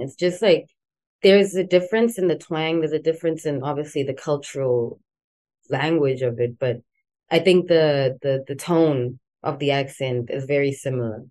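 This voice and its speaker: A young woman from South Africa with a softened South African accent, chatting casually as an interview guest, rambling with many fillers. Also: sits low. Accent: South African, softened toward American. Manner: relaxed, rambling, many "like" fillers, laughs easily. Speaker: guest, musician.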